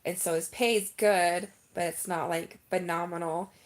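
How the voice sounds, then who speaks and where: A woman's voice: on the low side, fairly even intonation, normal speed. A woman vlogging in a casual live-stream chat, talking in an emphatic, rambling way with lots of "like" and "um". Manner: chatty and emphatic, heavy use of "like" and "um".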